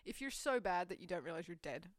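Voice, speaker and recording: A woman's voice: on the low side, lively intonation, fast, no echo, clean studio sound. A woman, hosting a podcast in casual, jokey chat and laughing often. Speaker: podcast host.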